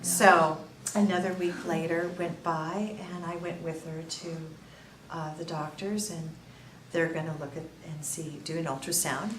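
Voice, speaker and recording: An older woman with a deep voice tells a lively story at a measured pace as her faith testimony to a small workshop group, laughing at her own punchlines. Captured from a distance, the recording carries room echo and faint background noise.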